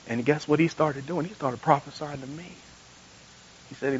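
Male pastor, high voice, animated sermon storyteller shifting loud to soft. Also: moderate pace, slightly rough, lo-fi sound. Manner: swings from loud emphatic to quiet and soft.

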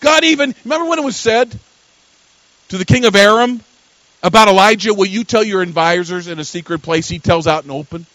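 Older male preacher, high-pitched, storytelling sermon delivery that rises to forceful emphasis. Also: a little fast, no echo, low-quality recording. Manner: storytelling preacher, swinging from quiet asides to loud emphatic peaks. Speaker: pastor.

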